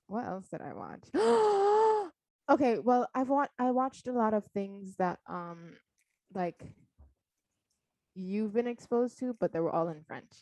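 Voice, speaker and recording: A woman's voice: medium pitch, darkish tone, dry recording. A young woman chatting casually with a friend, playful and teasing, her talk full of ums and likes. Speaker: friend in a chat. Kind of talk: casual chat.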